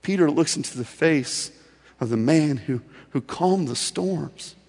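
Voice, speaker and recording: A male pastor preaching a sermon in a storytelling way, swinging from loud emphasis to soft, intimate delivery. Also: fairly high pitch, expressive, measured pace, husky, in a large hall.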